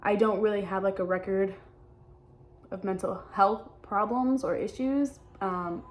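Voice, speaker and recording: A young adult woman talking openly in a personal vlog, halting and hesitant, often restarting her sentences. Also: medium pitch, steady tone, slight background noise. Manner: earnest and open. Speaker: vlogger.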